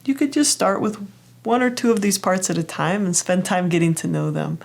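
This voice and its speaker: A woman hosting a self-help lesson, telling a personal example in a gentle, encouraging way. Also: lowish voice, brisk, gravelly, a little hiss or hum. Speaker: therapist host.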